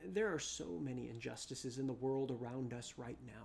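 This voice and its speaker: A preacher giving a dramatic sermon, repeating phrases, rising loud then dropping to a hush. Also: mid-range voice, normal speed, gravelly, few pauses.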